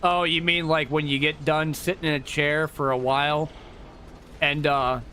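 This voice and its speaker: A man's voice: on the high side, flat delivery, normal speed, bright, forceful tone, a little hiss or hum. A man streaming a game, chatting casually to himself with loose, profane asides and rambling stories full of restarts. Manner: loose and profane, mutters to himself while playing. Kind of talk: casual gameplay commentary.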